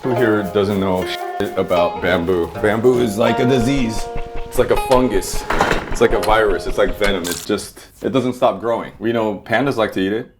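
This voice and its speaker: A man with a fairly low voice talks through a drawing demonstration, loose and rambling. He swears casually and argues with himself between strokes. Music plays clearly underneath. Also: normal speed. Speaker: artist teaching a drawing demo.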